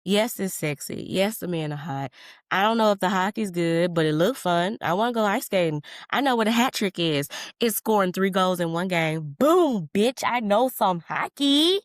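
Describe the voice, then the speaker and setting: A woman in her thirties talks alone on her podcast in a fairly low voice. She is candid and profane, calls her listeners honey, and wanders from tangent to tangent. The sound is close and dry, with no room around her. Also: moderate pace, no echo. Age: 30s. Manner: jumps between tangents. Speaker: podcast host. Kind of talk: solo podcast monologue.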